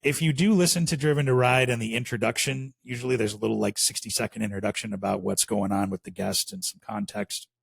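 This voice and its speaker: Speaking fast with few pauses, this Chicago man has a lowish, slightly rough voice with vocal fry and no echo. He's a podcast guest in a laid-back interview chat, rambling and leaning heavily on fillers in his local accent.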